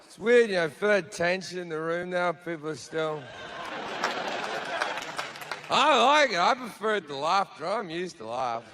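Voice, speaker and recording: A man's voice: sits high, expressive, measured pace, long pauses, background noise. A man with an Australian accent doing a stand-up set on stage, crude, sardonic and profane. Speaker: stand-up comedian. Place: theater stage before a live audience.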